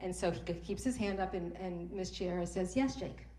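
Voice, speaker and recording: A middle-aged woman tells a personal story on stage, heartfelt and at times close to tears. Her voice is mellow and warm, and it is picked up in a roomy, echoing space. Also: lowish voice, level tone, fairly quick. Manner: heartfelt, emotional, repeats words when moved. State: tearful at times. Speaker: speaker at a morning talk event. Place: event room. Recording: echoey room.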